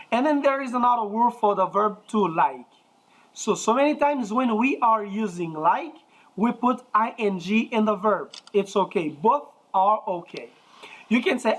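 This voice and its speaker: A Haitian woman, a native Haitian Creole speaker, teaching an English grammar lesson in a rambling way, with many fillers and self-corrections, and pronunciation drills she draws out slowly. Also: medium pitch, rough recording. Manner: slow, drawn-out pronunciation drills. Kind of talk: recorded online grammar lesson.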